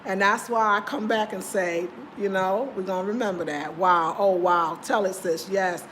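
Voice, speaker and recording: American woman on a livestream, heartfelt, chatting with her viewers, mid-pitch voice. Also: fairly even intonation, normal speed, fairly bright tone, a little hiss or hum, poor audio. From United States. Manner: earnest and heartfelt, addressing viewers directly. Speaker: livestream host. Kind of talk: casual livestream chat, reading viewer comments. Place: indoors in Ghana.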